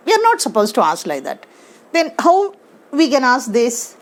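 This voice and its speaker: An English teacher with a high, very animated voice teaches her class grammar. She speaks slowly and emphatically, stressing words and asking the students questions.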